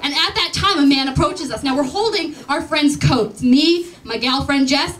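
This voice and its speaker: A young woman telling a comic personal story at a live story slam, animated and laughing through her lines. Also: high voice, normal speed, recorded from a distance, a little hiss or hum, poor audio. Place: stage at a live event.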